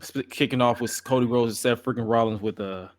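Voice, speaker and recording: A man's voice: medium pitch, fairly even intonation, a little fast, dry recording. Laid-back man co-hosting a chat show. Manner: laid-back, joking, swears freely. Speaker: podcast co-host. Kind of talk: casual chat.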